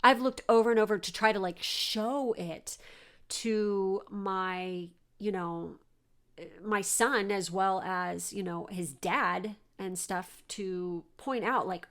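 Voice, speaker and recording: A woman's voice: medium pitch, slow, fairly bright tone. A woman from Southern California, telling a personal story to her podcast listeners in a rambling, chatty way full of fillers and the odd swear word. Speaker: podcast host. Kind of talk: casual storytelling monologue.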